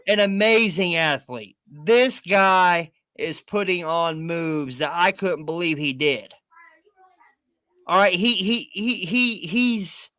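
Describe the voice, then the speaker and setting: A man talks wrestling on a live podcast in an excitable, profane way, tripping over his words and repeating himself. His voice sits high and bright. The sound is dry and close. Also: dry recording. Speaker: podcast co-host. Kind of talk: casual wrestling chat.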